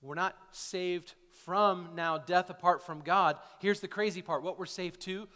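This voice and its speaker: Male pastor, high voice, conversational sermon, asks "right?" a lot, reverberant church hall. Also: steady tone, measured pace, bright, forceful tone. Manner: conversational, frequent "right?" and "okay?" tags. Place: church sanctuary. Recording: echoey hall.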